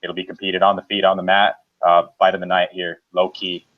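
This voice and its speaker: A man's voice: sits low, monotone, fairly quick, no echo, phone-quality sound. A man co-hosting a casual fight-preview show, giving picks with many fillers and restarts. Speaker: co-host.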